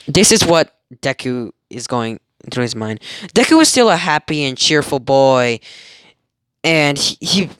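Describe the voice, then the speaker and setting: A man's voice: medium pitch, expressive, unhurried, fairly bright tone, smooth, no echo, studio quality. A young man casually retelling a fan story, rambling, giggling and correcting himself as he goes. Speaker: amateur storyteller.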